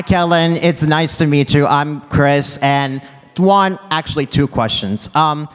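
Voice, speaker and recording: A man from the audience asks the panel a question in a polite, friendly way. His voice is slightly high and very smooth. The big hall gives it a long echo. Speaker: fan asking a question. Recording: reverberant convention hall.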